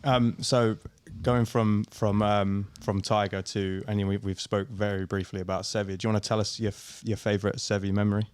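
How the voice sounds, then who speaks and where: A man's voice: fairly low pitch, level tone, moderate pace, few pauses, a little mellow, clear, resonant tone, no echo. A man hosting a golf podcast, asking questions with many fillers. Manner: hesitant, filler-heavy questions. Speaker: podcast host. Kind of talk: casual chat.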